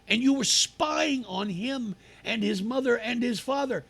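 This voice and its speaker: A man's voice: very high voice, unhurried, gravelly, few pauses, a bit bright, breathy edge. A man hosting a talk show, giving an opinionated monologue in a sarcastic, mocking manner. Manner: sarcastic, mocking, acts out people in put-on voices. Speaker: radio talk show host. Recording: live radio broadcast stream.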